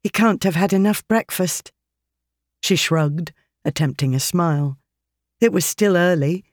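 Audiobook narrator, mid-pitched, steady, dry close recording. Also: no room sound. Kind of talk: scripted narration.

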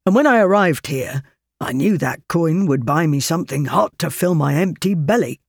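A narrator voicing a cold, hungry, angry man who grumbles and stammers with outrage, pushed higher and louder than the narration. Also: expressive, moderate pace, vocal fry, slightly rough, no room sound, studio quality. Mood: proud.

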